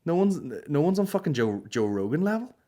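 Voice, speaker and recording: A man's voice: a little high, very animated, a little fast, warm tone. A young man hosting a comedy podcast, telling stories in a sweary, sarcastic way. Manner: sweary, sarcastic, acts out voices. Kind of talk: casual storytelling chat.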